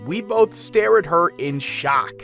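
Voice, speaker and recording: A man reading out customer stories in an even storytelling manner. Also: sits high, takes it slowly. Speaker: narrator. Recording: faint music behind.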